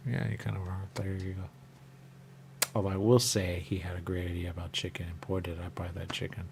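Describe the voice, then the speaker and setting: A man hosting a radio talk show in rambling casual chat, often jumping into quick high voices to act out what people say. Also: level tone, gravelly, noisy background. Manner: rambling, acts out quick high-pitched quoted voices, repeats "there you go".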